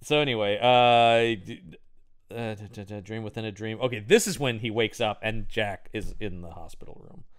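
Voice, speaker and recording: A man's voice: lowish voice, moderate pace. A man co-hosting a casual podcast chat, retelling stories and acting out quotes in put-on voices. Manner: animated storyteller, acts out quotes in put-on voices. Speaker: podcast co-host. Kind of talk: casual chat about a film.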